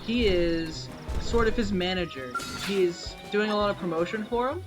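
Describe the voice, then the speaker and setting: Game streamer at a home setup, casual and foul-mouthed, voice pitched mid-range, game music clearly underneath. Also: normal speed. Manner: chatty storyteller, swears freely, gets loud and excited. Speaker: Twitch streamer.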